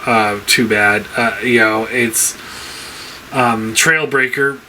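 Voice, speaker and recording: A man's voice: medium pitch, steady tone, slow pace, pushed and bright, a little hiss or hum. A man ranting casually about his toy collection, rambling with lots of fillers and frequent swearing. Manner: frustrated, swears a lot, rambling with many fillers.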